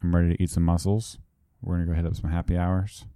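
A man hosting a casual podcast, relaxed and chatty, laughing easily. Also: deep voice, fast, no echo, studio quality. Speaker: podcast host.

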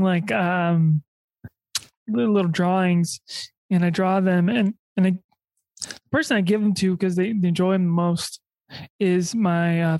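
A young woman hosting a podcast in a casual chat, rambling and halting with many fillers and restarts. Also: on the low side, dark tone, no room sound. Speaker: podcast host.

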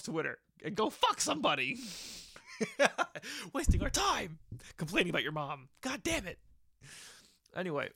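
A man's voice: sits high, huge pitch swings, a little slow, vocal fry, pauses often, sharp tone, slightly rough, no room sound, studio quality. A young man hosting a casual solo podcast from his old bedroom, rambling and joking crudely and laughing at his own stories. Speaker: podcast host.

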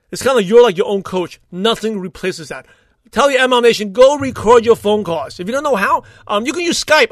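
A man hosting a solo podcast, talking in an upbeat, rambling way with quick asides and restarts. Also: high-pitched, dry recording, studio quality. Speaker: podcast host. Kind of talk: solo motivational podcast talk.

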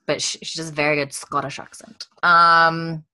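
This woman has a lowish, bright, forceful voice. She co-hosts a relaxed podcast and reads listener notes between bursts of giggling. She talks in loose, chatty stretches. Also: clear, resonant tone. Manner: chatty and giggly, quick to laugh. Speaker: podcast co-host reading listener messages. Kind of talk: casual podcast chat.

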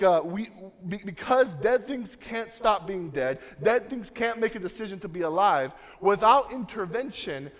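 A young man preaching a sermon, swinging from soft, low passages to loud, emphatic ones. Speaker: pastor. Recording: long reverb of a large hall.

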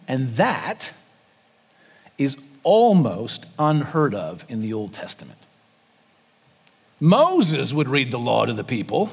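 Australian senior pastor, man, chatty sermon delivery, high lively voice, reverberant church. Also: breathy edge. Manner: conversational preaching, acts out voices of people. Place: church auditorium.

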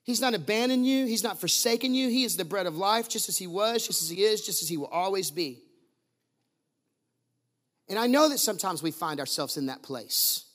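A man's voice: sits high, lively intonation, normal speed, fairly bright tone. A male pastor preaching a sermon, emphatic and repetitive, firing off rhetorical questions to the congregation.

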